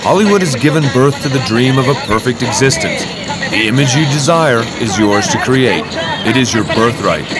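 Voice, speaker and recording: A man reading poetic, scripted documentary narration in a measured way. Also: medium pitch, animated, over loud music, over a noisy crowd, poor audio.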